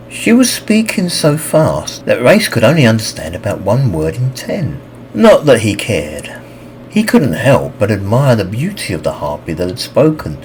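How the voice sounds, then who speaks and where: Guy reading a fantasy audiobook, deep-ish and animated. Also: moderate pace, a little hiss or hum, low-quality recording. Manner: expressive reading with lively pitch. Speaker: audiobook narrator. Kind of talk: scripted fantasy narration.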